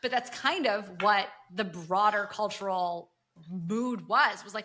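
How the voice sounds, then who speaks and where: A woman's voice: medium pitch, measured pace. A woman co-hosting a podcast, recapping a TV episode in casual chat and acting out the characters' lines. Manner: animated, acts out quoted dialogue. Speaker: podcast co-host.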